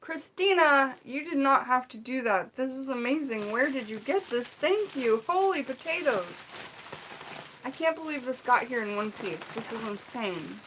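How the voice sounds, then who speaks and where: A woman vlogger from the Seattle area chatting to her viewers as she opens gifts, gushing, excited and full of fillers. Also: sits high, a little slow, slight background noise. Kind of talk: casual unboxing chat to viewers.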